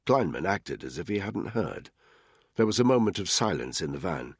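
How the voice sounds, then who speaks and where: A man with a deep, husky voice narrates a thriller audiobook in a steady, even storytelling manner. The sound is close and dry, as from a booth. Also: moderate pace, no echo.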